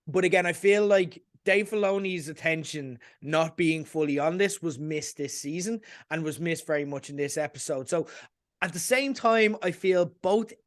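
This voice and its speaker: A man co-hosting a casual podcast, giving measured, reflective opinions and hedging them. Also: fairly high pitch. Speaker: podcast co-host. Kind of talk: casual chat.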